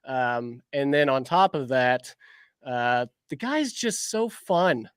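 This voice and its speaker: A man who makes fan films argues his points playfully in casual chat, tripping over repeated words. His voice sits at a middle pitch and is recorded dry and close. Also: animated, slow, fairly bright tone, clear, resonant tone, no room sound. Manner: playfully argumentative, stammering restarts. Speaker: fan film creator.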